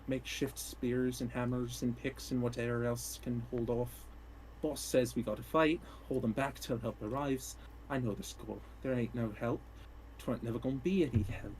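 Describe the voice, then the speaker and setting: A man voicing a weary, gruff male soldier resigned to his death, in a low, grim drawl with a put-on borderline Irish accent. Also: steady tone, normal speed, darkish tone, slight background noise, lightly acted, low-quality recording.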